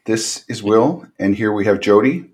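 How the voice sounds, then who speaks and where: Co-host: a middle-aged Canadian man, friendly and jokey, speaking in a low-ish voice. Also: animated, normal speed. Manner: chatty, jokey. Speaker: podcast co-host. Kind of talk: casual chat. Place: home basement.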